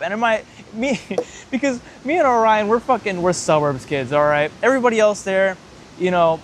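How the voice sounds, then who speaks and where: Young guy, storytime vlogger, slightly high voice, profane rambling delivery, faint background noise. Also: expressive, normal speed. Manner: profane, rambling, heavy use of "like". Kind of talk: casual storytelling.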